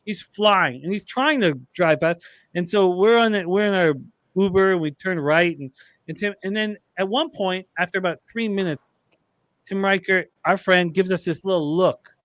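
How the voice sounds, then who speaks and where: A man's voice: high voice, normal speed, fairly bright tone, dry recording. A man, co-hosting a sports chat and telling a rambling, profane story with laughs. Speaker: podcast co-host.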